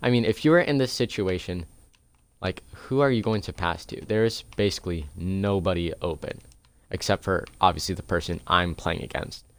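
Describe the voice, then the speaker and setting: A young man casually explaining a football video game's defensive plays step by step, chatty and relaxed, recorded at home on a close desk mic. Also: sits low, normal speed, smooth. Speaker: gaming video creator. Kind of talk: casual gameplay tutorial.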